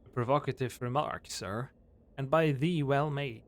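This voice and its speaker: A man's voice: mid-range voice, lightly acted. A man voicing a formal, courtly landlord who talks in archaic old-fashioned phrases. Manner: archaic formal speech, measured and slow. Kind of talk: live game-stream voice acting.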